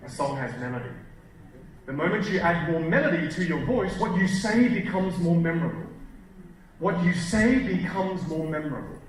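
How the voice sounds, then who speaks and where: Male seminar coach on stage, lively and emphatic, heard from afar in a very reverberant hall. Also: on the high side, moderate pace. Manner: animated, shifts volume and pace for emphasis. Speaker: communication coach. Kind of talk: live seminar talk to an audience. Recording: very echoey hall, distant mic, faint hiss.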